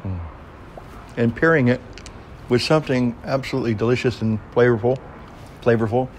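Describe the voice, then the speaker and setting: An older man chatting casually to his viewers, unhurried, humming contentedly between phrases. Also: medium pitch, slight background noise. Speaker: pipe-smoking vlogger. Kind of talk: relaxed casual chat to viewers. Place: outdoors on a veranda deck.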